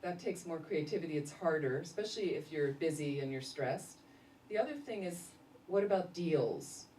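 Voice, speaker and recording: A woman, a Buddhist nun, giving a casual dharma talk full of lively stories and laughter. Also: deep voice, normal speed. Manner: animated storytelling, laughing often. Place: meditation center hall. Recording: roomy echo, distant mic, faint noise.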